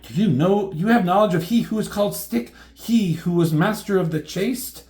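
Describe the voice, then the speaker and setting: A man's voice: high voice, moderate pace, darkish tone, pitched above the performer's own voice, natural voice. A man voicing an overwrought woman warrior in a raised, theatrical, grandiose old-fashioned way. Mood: pleading. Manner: grandiose archaic delivery.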